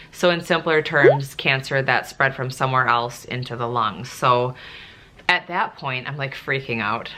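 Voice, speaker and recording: A young woman, a nurse and vlogger, talks through a casual Q&A vlog in a very deep voice with a bright, forceful tone. She fills her speech with lots of fillers and at times gets emotional, close to tears.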